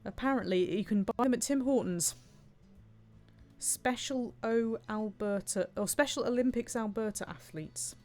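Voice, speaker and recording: A woman's voice: a little high, measured pace, darkish tone, soft background music. A woman streaming a cooking game, chatting playfully and reading viewer comments aloud. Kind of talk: casual gameplay commentary.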